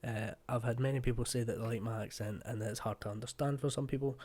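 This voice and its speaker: Chatty Fife Scottish man, mellow voice. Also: mid-range voice, fairly even intonation, fast. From Scotland, Fife. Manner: chatty, rambling, with many fillers. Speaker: reaction video host. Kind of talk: casual reaction chat.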